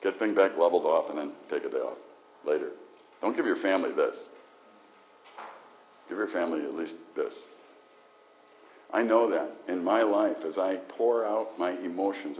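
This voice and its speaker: A man's voice: sits low, a little mellow, muffled recording. A male pastor preaching a sermon in an emphatic, conversational way with frequent restarts.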